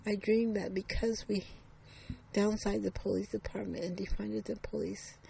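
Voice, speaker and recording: A woman's voice: medium pitch, gravelly, dark tone, breathy edge, voice pushed up, heavily acted. A woman voicing a middle-aged mother who talks earnestly and a bit preachily after a nightmare.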